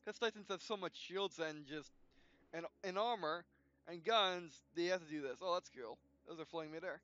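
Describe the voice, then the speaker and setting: High-voiced man reading game tutorials. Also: bright, forceful tone, no echo, highs cut off. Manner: halting, frequent restarts, yawning. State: yawning. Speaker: gameplay video host. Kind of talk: reading tutorial text aloud while playing.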